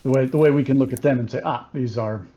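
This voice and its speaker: A man playing a tabletop game, talking in a halting, stumbling way. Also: medium pitch, warm tone, soft background music. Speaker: player. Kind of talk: casual tabletop play.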